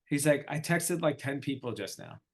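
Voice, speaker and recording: A man's voice: a little high, moderate pace. A middle-aged man, an entrepreneur guest in an interview, telling a story casually and acting out the dialogue. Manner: animated storyteller, acts out quoted dialogue.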